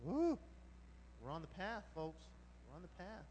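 A man preaches from the pulpit with a strikingly high voice. He talks loosely and animatedly and breaks into exclamations. His words ring out with a long reverb through the church hall. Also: sing-song, a little slow, a little mellow, a little hiss or hum. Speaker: pastor. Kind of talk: sermon.

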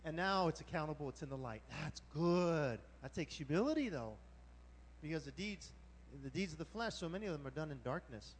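A man preaching a sermon as pastor, animated and colloquial, with sudden exclamations. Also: on the high side, fairly quick, long reverb tail, slight background noise.

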